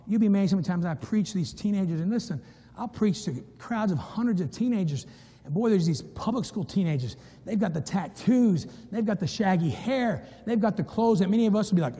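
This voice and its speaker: Man, pastor, middle-aged, high pitched, breathy edge, preaching with loud and hushed swings. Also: animated, a little fast. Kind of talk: sermon. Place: church sanctuary. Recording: long reverb from a church hall.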